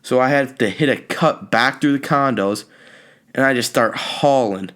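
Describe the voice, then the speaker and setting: Young male podcast host, comic storyteller, exasperated ranting, middle-pitched voice, jumps up high when excited. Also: normal speed. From California. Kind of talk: comedic storytelling monologue.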